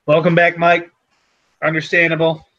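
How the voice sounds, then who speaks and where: A man's voice: fairly high pitch, completely flat delivery, normal speed, highs cut off, background noise. A man from the Chicago area with a local accent, co-hosting a casual livestream and chatting with viewers by name. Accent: Chicago-area Midwestern. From Chicago area, Illinois. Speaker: co-host of a livestream.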